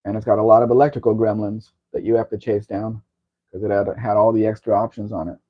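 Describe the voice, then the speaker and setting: A man's voice: lowish voice, flat delivery, quick pace, lo-fi sound. Chatty man with rambling car talk. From Southern California. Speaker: show host. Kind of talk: casual live-stream chat.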